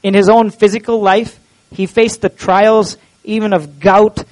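High-voiced male pastor preaching earnestly. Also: flat delivery, unhurried, darkish tone, poor audio. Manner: earnest, preaching with rhetorical questions. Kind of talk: sermon. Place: church.

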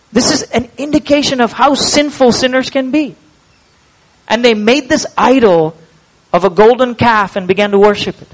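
A man preaches in a voice pitched well above most men's. He is emphatic, drawing words out to stress the point and putting rhetorical questions to his listeners. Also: low-quality recording. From India. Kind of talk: expository sermon.

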